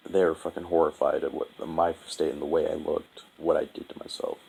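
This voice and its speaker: A young man telling a painful personal story in a halting, profane, heavy-hearted monologue. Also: extremely low pitch, level tone, creaky, dark tone, slightly rough, low-quality recording. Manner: halting, profane, full of restarts and fillers. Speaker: vlogger.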